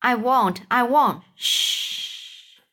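A woman reading aloud and voicing a brave, quick-thinking young boy who gives urgent commands. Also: high voice, big pitch swings, sharp tone, pitched above the performer's own voice, full character voice.

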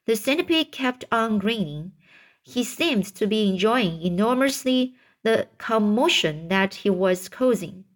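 A woman reading a children's book aloud, stumbling and restarting on words, lifting her voice for the characters' shouts. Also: animated. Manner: slow, halting read-aloud with stumbles and restarts; raises pitch for characters' shouted lines. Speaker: reader.

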